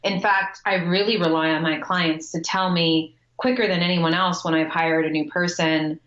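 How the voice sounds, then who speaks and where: A woman's voice: lowish voice, fairly even intonation, normal speed, a bit bright, reverberant, muffled recording. A middle-aged woman clinical psychologist speaking thoughtfully and earnestly in an interview, laughing easily. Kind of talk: reflective conversational interview.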